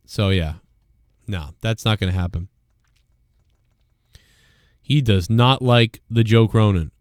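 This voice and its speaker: A man's voice: lowish voice, slow pace, a little mellow, no echo, studio quality. A man hosting a live show, ranting casually and swearing often as he rambles. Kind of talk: casual live-stream rant.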